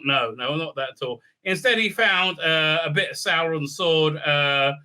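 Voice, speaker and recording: Sarcastic guy ranting a recap, high bright voice, lots of uhs. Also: expressive, moderate pace, few pauses. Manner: sarcastic, crude, frequent fillers. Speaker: show host. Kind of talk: comedic recap with mocking character voices.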